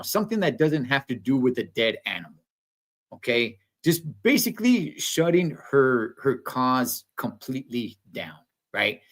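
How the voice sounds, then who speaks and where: A man, rambling through a profane, slangy story in a casual livestream rant. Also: medium pitch. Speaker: streamer.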